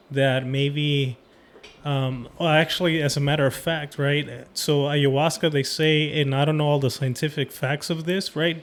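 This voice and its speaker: Man hosting, explaining with "right?". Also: a little high. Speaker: podcast host. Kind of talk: casual interview chat.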